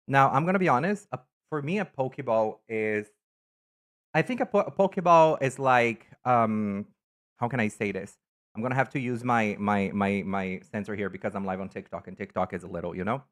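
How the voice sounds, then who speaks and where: A man chatting casually on a live stream, camp and animated, greeting viewers by name while he ranks things. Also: mid-range voice. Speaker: live streamer reading chat. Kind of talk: casual live-stream chat ranking items.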